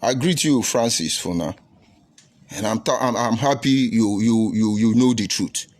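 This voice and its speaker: A Nigerian-accented preacher hosts a livestream and answers viewer comments combatively and preachily, full of rhetorical questions. His voice is on the low side, a little mellow, at a measured pace.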